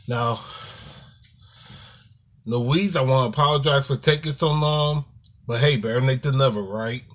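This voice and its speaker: A man speaks to his viewers at a slow, unhurried pace, in a mid-range voice. His casual talk is halting and apologetic, and he calls his audience "y'all". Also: mid-range voice, husky. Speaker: YouTuber.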